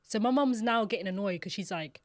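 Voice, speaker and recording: A woman, a podcast co-host and mother, chatting casually in an animated, slangy way. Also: mid-range voice, a little fast, no echo, studio quality. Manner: animated, slangy storytelling with mimicked shouts. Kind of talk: casual chat.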